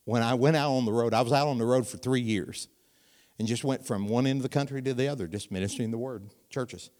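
A middle-aged man preaching a sermon in a voice that sits in the middle of the male range. He talks to the congregation like a friend, asking them questions, then lifts his volume for emphasis and slows down on the key lines. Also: mid-range voice. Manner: animated preaching with rising volume and dramatic pauses; conversational, asks the audience questions.

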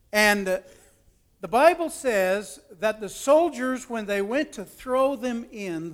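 Brief: male preacher, higher pitch, folksy storyteller, dramatic swings in loudness. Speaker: pastor. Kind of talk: storytelling sermon.

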